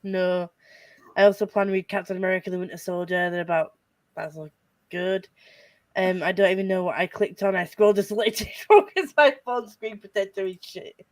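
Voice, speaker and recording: A woman's voice: mid-range voice, brisk, darkish tone, no room sound, studio quality. A woman hosting a casual group livestream, chatty and rambling, laughing often. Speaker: host of a reading livestream.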